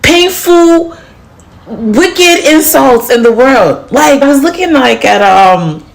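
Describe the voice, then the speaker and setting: Rambling woman, higher voice. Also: lively intonation, slow pace, gravelly, rough recording. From Nigeria. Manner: rambling, full of "like". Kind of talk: casual vlog chat.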